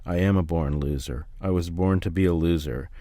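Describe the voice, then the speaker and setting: A man's voice: low voice, moderate pace, mellow, no room sound, clean studio sound, lightly acted. A man voicing a resentful teenage older brother who finally screeches back at his father. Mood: sorrowful. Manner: screeching in bitter anger.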